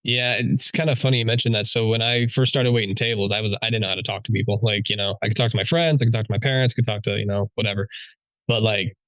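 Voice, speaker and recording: Man, police officer, casual podcast talk, lowish voice, slightly muffled lo-fi sound. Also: steady tone, fast, a bit bright, no echo. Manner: chatty, leans on "you know" and "like".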